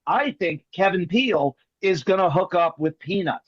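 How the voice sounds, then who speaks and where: A man performing as a magician, telling jokey stories in quick comic patter over a video call. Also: high-pitched, animated, no room sound, lo-fi sound. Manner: rapid joking storyteller, playful teasing. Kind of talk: comic patter on an online show.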